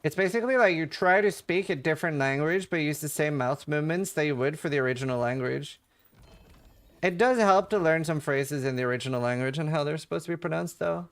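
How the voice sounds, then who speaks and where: Briskly, in a slightly high voice, a Norwegian streamer with a light accent talks casually to viewers during a game, reading their chat. He rambles with lots of fillers and jokingly imitates accents.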